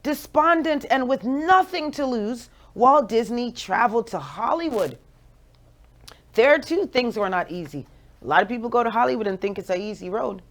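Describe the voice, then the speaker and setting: Hosting a radio program, this forty-something woman with a Jamaican accent delivers upbeat, playful motivation. Her voice is a touch high and her speed is normal.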